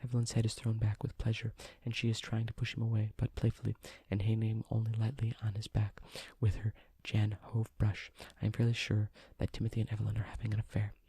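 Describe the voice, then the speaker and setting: Man whispering an audiobook, breathy low voice, flat delivery, whispered role-play. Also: dry recording. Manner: slow, hushed, even reading. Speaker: audiobook reader.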